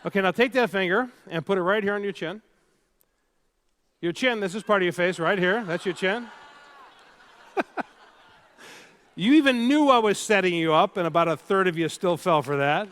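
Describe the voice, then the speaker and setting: A man's voice: high voice, normal speed, long pauses. A man giving a motivational keynote talk, telling stories with energy and drawing the audience into exercises. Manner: energetic storyteller who engages and teases the audience. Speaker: keynote speaker.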